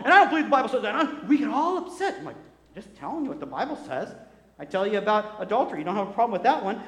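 A high-voiced man preaches with lively energy, slipping into the voices of the people he quotes. His words ring out through a roomy church hall with a long reverb trailing behind. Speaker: pastor. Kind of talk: sermon. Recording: echoey hall.

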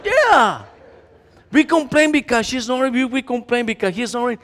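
A male pastor preaching a sermon in a church, speaking in an animated, conversational way that swings between loud and quiet. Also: extremely high pitch, normal speed, slight background noise. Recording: echoey hall.

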